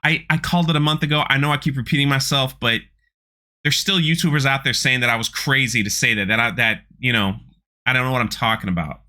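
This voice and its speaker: Bright-voiced man ranting sarcastically. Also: mid-range voice, steady tone, fast. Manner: sarcastic, ranting, with frequent restarts. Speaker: channel host. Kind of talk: opinion commentary on a trailer.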